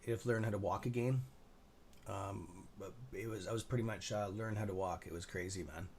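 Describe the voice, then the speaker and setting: A man's voice: on the low side, steady tone, brisk, darkish tone, slight background noise. A man hosting a live trading stream, chatting casually and rambling, swearing freely and laughing at his own jokes. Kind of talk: casual chat.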